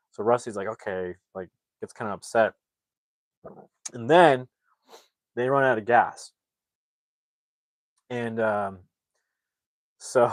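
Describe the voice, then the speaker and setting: A man's voice: on the low side, dry recording. A young man casually retelling a film's plot as a reviewer, rambling and acting out the characters' lines as he goes. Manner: rambling, animated retelling with acted-out quotes. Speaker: movie reviewer.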